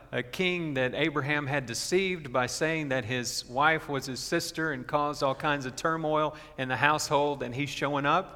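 A man preaching a sermon as pastor, earnest and slowing down to stress his key points. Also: a little high, sharp tone. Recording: long reverb of a large hall.

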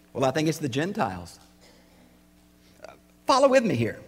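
A man preaching a sermon, emphatic and building to loud rhetorical questions. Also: on the high side, sing-song, normal speed, pauses often, breathy edge, long reverb tail.

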